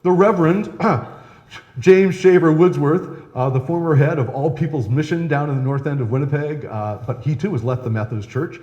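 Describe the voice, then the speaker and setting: A man's voice: a little high, moderate pace, mellow, highs cut off. A male historian giving a live lecture, chatty and conversational, often checking in with "right?". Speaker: historian giving a public talk. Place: historical society lecture room. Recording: echoey hall, long reverb.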